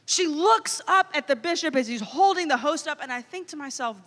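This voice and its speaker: Woman, high bright voice, comic storytelling, long hall echo. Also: moderate pace, hardly any pauses. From Louisiana. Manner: animated, comic storytelling with quoted inner voices. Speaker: youth conference speaker. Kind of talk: storytelling keynote talk. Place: large hall.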